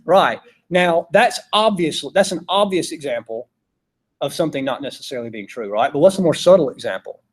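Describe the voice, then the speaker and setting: A man's voice: a little high, animated, brisk, breathy edge. A man teaching a philosophy class, talking casually and putting questions to the students. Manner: conversational, asks the class questions. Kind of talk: classroom lecture.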